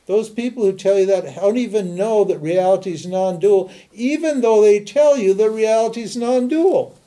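The speaker is an older spiritual teacher hailing from Montana, USA, whose high-pitched voice carries a dark tone. He teaches emphatically, answering the rhetorical questions he puts forward.

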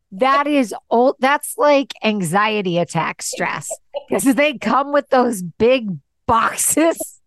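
A woman's voice: a little high, expressive, slow pace, fairly bright tone, no room sound. A woman hosting a casual podcast, chatty and upbeat, laughing easily as she talks. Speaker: podcast host.

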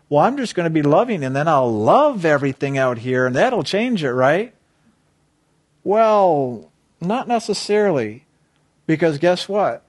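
A man gives an inspirational talk, earnest and animated, often putting questions to his listeners. His voice sits in a middle range. The sound is dry and close, with no room around it. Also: mid-range voice, no room sound. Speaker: spiritual speaker.

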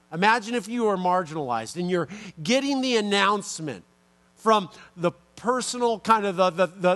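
A man's voice: sits high, fairly bright tone. A man preaching a sermon in a conversational way, with frequent restarts and playful asides. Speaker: pastor.

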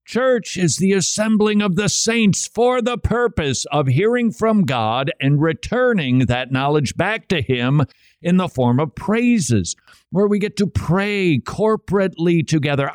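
A man hosting a talk show, giving opinionated commentary in a sarcastic, animated way. He grew up in Minnesota. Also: fairly high pitch, measured pace, clean tone, no room sound, studio quality. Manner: animated, sarcastic, laughs often. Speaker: radio host.

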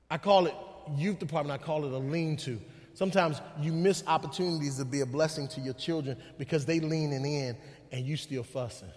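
A man preaching a sermon as guest pastor in a church, shifting between folksy asides and shouted preaching. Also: on the high side. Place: church sanctuary. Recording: long reverb of a church hall.

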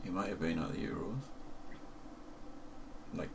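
A man's voice: deep voice, unhurried, creaky, recorded from a distance, slight background noise. A man co-hosting a casual podcast chat, throwing in dry one-line quips. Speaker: podcast co-host.

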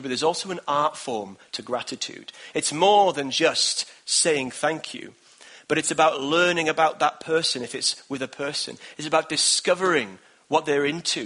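A man's voice: on the high side, sharp tone, husky. A man in his thirties preaching a sermon in an earnest, encouraging way, with repeated phrases. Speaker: pastor.

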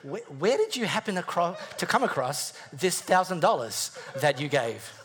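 A man preaching to a live congregation, his voice sitting a little high for a man. He tells stories in a loose, joking, conversational way, full of restarts and wry jabs at himself. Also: sing-song, normal speed, fairly bright tone, a little hiss or hum. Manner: jokey, conversational storytelling with frequent restarts; wry, self-deprecating humor. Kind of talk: sermon.

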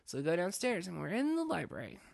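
A woman's voice: fairly low pitch, fast, creaky, dry recording. Chatty woman podcaster, dry close mic. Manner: chatty, animated, many fillers. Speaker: podcast co-host. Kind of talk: casual chat, retelling a story.

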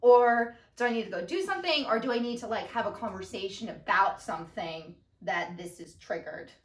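A woman's voice: medium pitch, brisk. A young woman co-hosting a podcast, chatting casually and playfully, with lots of fillers. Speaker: podcast co-host. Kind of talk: casual conversation. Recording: roomy sound from a distance.

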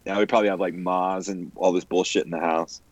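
Man, low voice, casual profane storyteller, dull lo-fi dry audio. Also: fast, no room sound. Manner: profane storytelling, animated quoted asides. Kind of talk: casual chat.

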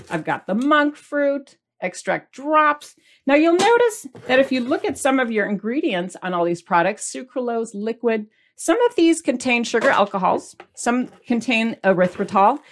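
A woman hosting a diet podcast, chatting casually to viewers, asking them questions and holding up products as she talks, with playful mimicry of their reactions. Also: a little high. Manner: chatty, asks the audience questions; holds up products while talking. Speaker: podcast host.

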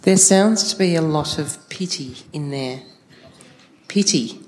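A woman in a church group giving a measured, analytical comment. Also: deep voice, slight background noise, low-quality recording.

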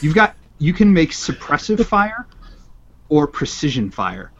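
A man runs a tabletop game, chatty and quick to laugh. His voice sits a little high. The recording is dull and lo-fi. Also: big pitch swings, fairly bright tone, a little hiss or hum. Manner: chatty, laughs while describing. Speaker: game master. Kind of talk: running a tabletop game, casual. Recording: dull lo-fi podcast audio.

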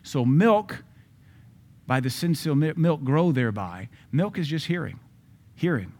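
A man's voice: on the high side, expressive, unhurried, darkish tone. A man preaching a sermon as pastor at a church service, emphatic and repeating key phrases.

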